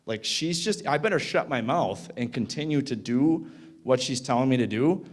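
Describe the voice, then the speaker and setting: A man's voice: mid-range voice, lively intonation, normal speed. A man in his thirties speaks to a conference audience. He tells a story in a loose, chatty way, full of fillers. He keeps checking in with the room. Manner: casual, filler-heavy, asks the audience "right?". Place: conference hall.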